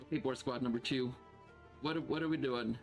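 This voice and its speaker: A man narrating a tabletop game as game master, animated and laughing often, with lots of "like" and "uh". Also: mid-range voice, fairly quick, soft background music.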